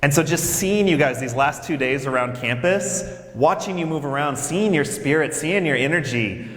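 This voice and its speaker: A man working as a campus minister gives a lively, conversational speech to new students, telling stories and speaking directly to the audience. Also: a little high, moderate pace. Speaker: campus minister for faith and justice. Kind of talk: speech to incoming freshmen at orientation. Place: large hall. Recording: echoey hall with long reverb.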